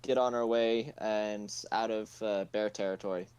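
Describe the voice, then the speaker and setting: A man's voice: fairly low pitch, steady tone, moderate pace, darkish tone, smooth. Hesitant man playing a tabletop game. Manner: hesitant, stumbling starts. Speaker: player. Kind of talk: in-character tabletop chat.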